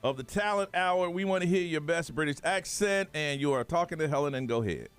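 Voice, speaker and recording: A man's voice: on the high side, lively intonation, fairly quick, fairly bright tone, clean tone, soft background music. A man hosting a morning radio show, joking and teasing the callers as he runs a call-in contest. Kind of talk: upbeat radio banter.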